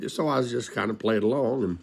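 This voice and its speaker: A man's voice: medium pitch, fast, gravelly, husky. An older man telling a rambling, folksy story from his childhood into a home recording, chuckling along as he goes.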